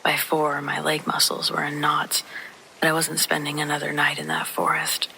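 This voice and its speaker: A narrator whispering a true horror story in a soft, hushed voice, with faint rain behind. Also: medium pitch, normal speed, creaky, slight background noise, poor audio.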